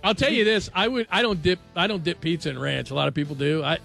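Gravelly, chatty male radio host. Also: on the high side, fast, soft background music. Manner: chatty, jokey, animated. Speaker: radio sports show host. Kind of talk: casual sports radio banter.

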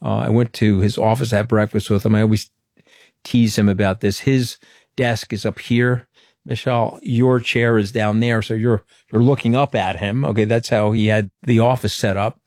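A middle-aged former political communications director from Long Island, New York, guests on an interview and tells candid anecdotes in a frank, emphatic way. His voice is on the low side and darkish, with a steady tone at normal speed. The recording is dry, with clean studio sound.

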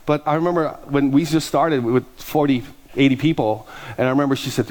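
A middle-aged man, a pastor, preaching a sermon through lively personal stories and acting out the people he quotes. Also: medium pitch, brisk. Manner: animated, acts out quoted voices, laughs at his own stories. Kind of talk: sermon storytelling.

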